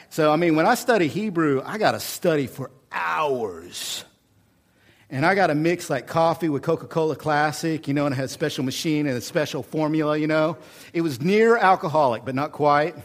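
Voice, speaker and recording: A middle-aged pastor from Oklahoma with an Oklahoma accent, preaching a folksy, animated sermon full of humor and repetition. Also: male voice, fairly high pitch, normal speed.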